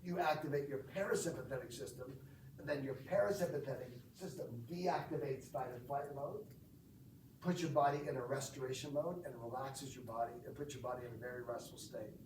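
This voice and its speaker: A man's voice: medium pitch, a little fast, darkish tone, distant mic, slight background noise. Man teaching breathwork in an echoey room. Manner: explanatory, asks the group questions. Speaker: breathwork instructor. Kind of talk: instructing a group. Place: gym or team room.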